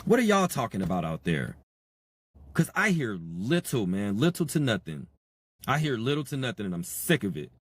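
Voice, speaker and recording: A man's voice: fairly low pitch, normal speed. A man hosting a podcast, delivering an impassioned, sarcastic monologue. He repeats himself and speaks straight to his listeners. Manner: animated, swings between loud and quiet. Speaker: podcast host.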